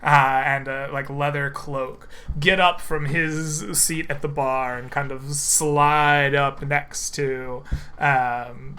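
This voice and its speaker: Male game master, slow unhurried narration, very bright tone. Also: medium pitch. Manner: relaxed, descriptive, with fillers.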